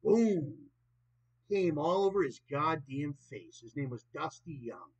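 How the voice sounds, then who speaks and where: A man in his late twenties vlogging in a rambling, profane monologue that swings between loud and soft. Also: fairly high pitch, sing-song, normal speed, breathy edge. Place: old property in the countryside. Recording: dull lo-fi recording.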